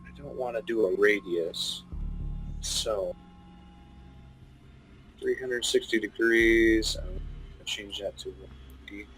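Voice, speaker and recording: A man narrating as game master of a tabletop game, describing scenes haltingly with many restarts, while he has the hiccups. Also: on the low side, fairly even intonation, a bit bright, soft background music, poor audio.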